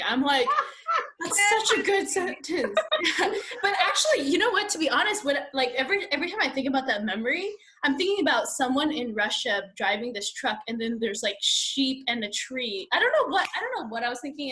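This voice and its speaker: A woman's voice: high voice, bright, forceful tone. A young adult woman co-hosting a podcast, chatting casually in a giggly, rambling way. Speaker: podcast co-host. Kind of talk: casual chat.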